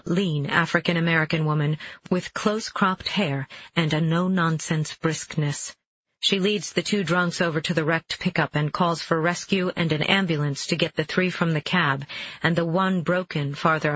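Une femme à la voix légèrement voilée lit un audiolivre à la première personne, d'un ton posé et délibéré. L'enregistrement, fait de près au micro, est sec, sans résonance, et un peu terne. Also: female voice, sits low, a bit bright, breathy edge, no echo, highs cut off. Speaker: audiobook narrator. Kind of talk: first-person audiobook narration.

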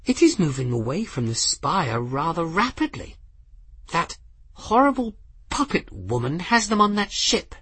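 A man's voice: on the high side, big pitch swings, measured pace, bright, forceful tone, breathy edge, no echo, pitched above the performer's own voice, exaggerated voice. A male narrator voicing an oddly dressed young female apprentice mystic who speaks in a prim, indignant manner, in an audiobook reading.

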